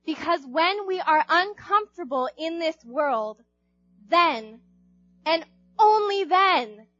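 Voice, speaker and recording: A woman's voice: extremely high pitch, animated, slow, a bit bright, dry recording, muffled recording, faint music behind. A young woman giving a casual youth sermon, chatty, acting out Bible characters in little voices. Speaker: youth group speaker.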